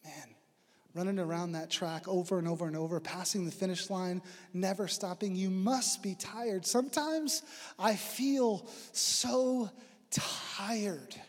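A man with a strikingly high voice delivers a sermon. He is earnest, pushing up into emphatic preaching and then falling quiet and low. A long hall reverb trails his words. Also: a little slow. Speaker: pastor.

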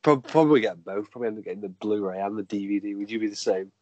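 This man co-hosts a podcast in a casual chat. His voice sits a little low and sounds husky, recorded dry and close. He talks hesitantly, with many fillers and restarts. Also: rapid-fire, darkish tone, no echo, dull audio. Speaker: podcast co-host.

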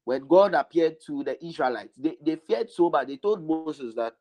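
A man's voice: a little high, lively intonation, moderate pace, few pauses, a little mellow, no echo, poor audio. A man preaching a sermon, stressing his points by repeating lines over and over.

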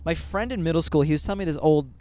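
Young male co-host, higher voice, loose rambling chat, recorded in a car. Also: very fast, a little mellow. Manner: rambling, swears casually, restarts often. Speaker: podcast co-host.

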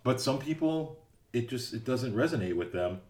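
A man's voice: mid-range voice, normal speed, roomy sound. A man co-hosting a casual chat about a film, telling stories and acting out quotes. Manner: animated storyteller, acts out quotes. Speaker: podcast co-host.

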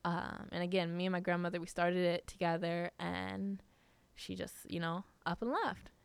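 A woman's voice: lowish voice, steady tone, normal speed, gravelly, clear, resonant tone, no room sound. A woman telling personal stories in a casual, rambling way, full of fillers and restarts. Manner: rambling, many fillers and restarts, laughs often. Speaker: podcast guest.

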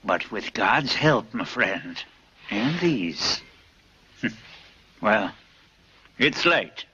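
A weary pious old man, slow reflective speech, dull recording with faint hiss. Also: lowish voice, sing-song, pushed and bright, exaggerated voice. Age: older. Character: weary old religious man, late at night.

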